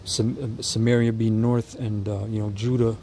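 This man's warm, lowish voice barely moves in pitch as he comments on a street preaching clip, tripping over his words and starting again before reading Bible verses in a slow, deliberate way. A bit of hiss or hum runs through the low-quality recording.

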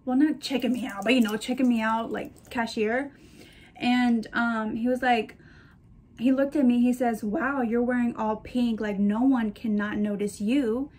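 Young woman, casual vlogger, slightly high voice, gushing and chatty. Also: fairly even intonation, a little slow, darkish tone. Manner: gushing, chatty, talks to her purses. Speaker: shopping vlogger. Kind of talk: casual chat to camera.

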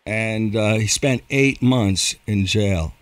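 A man's voice: fairly low pitch, slow pace, no echo. Radio host man, dry close sound. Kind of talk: radio interview.

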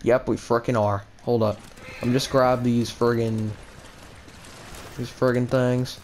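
A young man commenting on his own gameplay, excitable and full of mild stand-in swears as he trash-talks enemies. His voice sits at a middle pitch, with a faint hiss of noise behind it. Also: measured pace. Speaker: gaming channel host.

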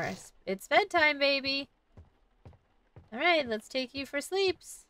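A woman's voice: sits high, a bit bright, dry recording, recorded from a distance. A woman playing a horror game, chatting playfully and commenting as she goes, often talking to the game's baby. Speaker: gaming YouTuber. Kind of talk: casual let's-play commentary.

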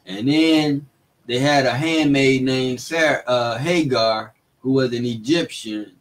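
A man teaching the Bible in a relaxed, casual way, reading verses and retelling them in everyday speech with frequent chuckles. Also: mid-range voice, slow pace, low-quality recording.

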